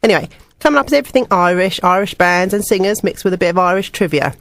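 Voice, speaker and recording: A woman's voice: on the low side, lively intonation, quick pace. A young woman presenting a student radio music show, chatty and personal between songs.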